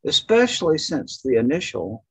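A man speaking as a guest in a casual video-call interview, rambling and hesitant with many pauses and fillers. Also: on the high side, huge pitch swings, fairly bright tone, slightly rough, no room sound. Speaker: guest author.

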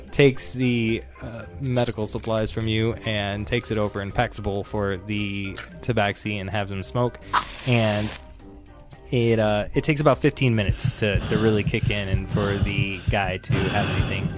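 A man narrating as game master of a tabletop game, relaxed and laughing often. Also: on the low side, unhurried, music in the background.

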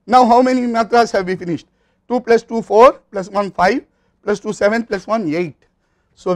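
A man with an Indian English accent giving a university lecture, explaining step by step in a measured way with occasional fillers and restarts. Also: sits high. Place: recording studio or classroom.

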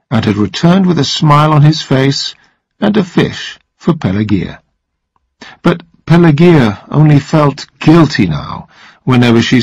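A man narrating a story in a slow, even reading voice for language learners. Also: mid-range voice, husky, no room sound, highs cut off.

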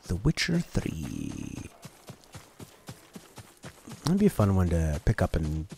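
A man's voice: low voice, a little mellow, slight background noise. A man streaming a video game, chatting casually about games and reading his chat aloud while he plays. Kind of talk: casual gameplay commentary. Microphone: desk mic through an audio interface.

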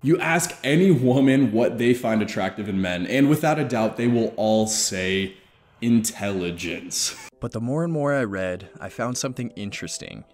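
A man's voice: lowish voice, a little mellow. A man hosting a casual explainer vlog, chatty and informal with joking asides. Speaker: video host. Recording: roomy echo with faint music.

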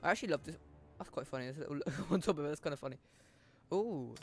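A gamer giving casual gameplay commentary, muttering to themself and talking back to the characters on screen, playful and quick to laugh. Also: mid-range voice, faint music behind. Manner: mutters to self, talks to game characters; playful, laughs and hums along. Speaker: let's play gamer.

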